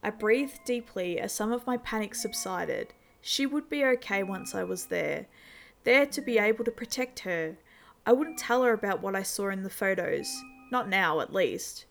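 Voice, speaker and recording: A woman narrating a first-person suspense story in a tense, steady way, with faint music behind her. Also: medium pitch, moderate pace, vocal fry. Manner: tense, steady storytelling with sudden shouted outbursts.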